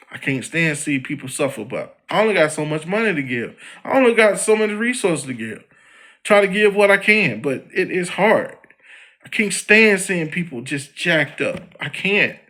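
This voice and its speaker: Animated, bright-voiced man ranting. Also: on the high side. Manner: slangy and animated, addressing a celebrity directly. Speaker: podcast host. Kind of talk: ranting commentary monologue.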